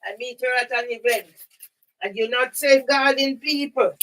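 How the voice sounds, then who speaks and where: A woman with a high voice rants to camera in an upset, agitated monologue. She swears constantly and keeps throwing out a challenging "yeah?". Her voice sounds emotional and near tears. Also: moderate pace, fairly bright tone, a little hiss or hum, low-quality recording. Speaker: vlogger. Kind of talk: angry personal monologue to camera.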